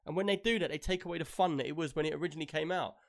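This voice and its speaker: A man's voice: on the high side, rapid-fire, creaky. A man hosting a gaming podcast, chatty and rambling, often laughing. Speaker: podcast host. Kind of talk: casual gaming podcast chat.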